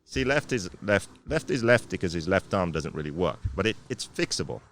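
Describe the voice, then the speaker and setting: A man with a very low voice hosts a podcast in easy chat. He teases his co-host with dry sarcasm. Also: big pitch swings, a little fast, fairly bright tone, slight background noise. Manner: teasing, sarcastic banter. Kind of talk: casual chat.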